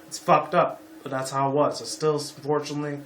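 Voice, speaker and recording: A man's voice: fairly high pitch, flat delivery, brisk, a bit bright, reverberant, a little hiss or hum. A man in his twenties from Las Vegas, ranting on a vlog in a rambling, profane way and leaning on "you know" again and again. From Las Vegas, Nevada. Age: 20s. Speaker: YouTuber. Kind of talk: rambling opinion rant.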